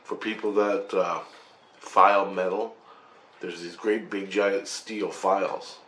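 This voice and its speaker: A man with a fairly low voice tells a rambling personal story, excited, swearing freely and tripping over his own sentences. His voice rings in an echoey room. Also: slow. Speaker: vlogger recounting a spiritual experience.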